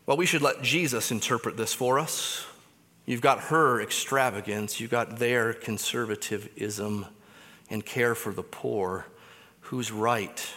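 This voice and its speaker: A man preaching a sermon, swinging between loud emphatic lines and hushed low phrases. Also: takes it slowly. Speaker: pastor. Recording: long hall reverb.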